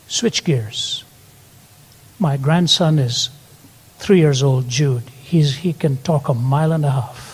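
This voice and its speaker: A man's voice: a little high, slow, a little mellow, husky. An older man preaching a sermon, telling stories earnestly and building to emphatic peaks. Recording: long hall reverb.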